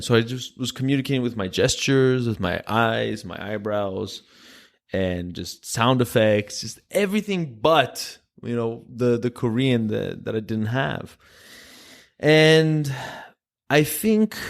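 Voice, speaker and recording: A man's voice: mid-range voice, gravelly. Greek man telling a story. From Greece. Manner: animated storyteller, acts out quoted voices. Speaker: guest. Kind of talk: casual storytelling chat.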